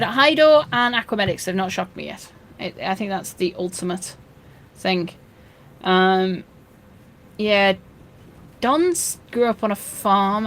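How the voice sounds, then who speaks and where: Woman host, casual chat, rambling and anecdotal, dry humour. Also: medium pitch. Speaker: fishkeeping channel host.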